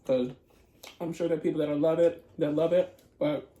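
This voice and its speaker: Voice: medium pitch, fairly even intonation, moderate pace, warm tone. A playful, chatty host talking casually while eating, describing food in detail and calling to viewers as y'all. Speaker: mukbang host. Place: home room with dogs nearby. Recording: echoey room.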